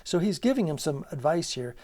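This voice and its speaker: A man's voice: on the high side, big pitch swings, fairly quick, darkish tone. A man giving an unscripted lecture on literature, earnest and emphatic, asking rhetorical questions and often restarting his sentences.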